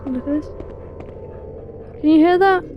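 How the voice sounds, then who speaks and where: A woman's voice: high voice, unhurried, dull audio, a little hiss or hum. A woman giving casual gameplay commentary, reading in-game text aloud and adding wry, sarcastic asides to herself. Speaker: let's play gamer.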